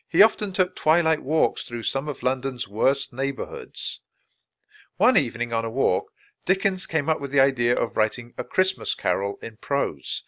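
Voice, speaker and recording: A man reads a children's chapter book aloud at a natural pace for English learners. His reading is clear and expressive, with lively rises and falls. The recording is close and dry. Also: mid-range voice, dry recording. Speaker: storybook reader.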